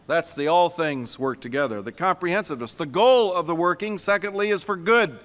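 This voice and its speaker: Bright high-voiced preaching man. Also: brisk, big-room sound. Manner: emphatic, repeats words for stress. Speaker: pastor. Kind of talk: sermon.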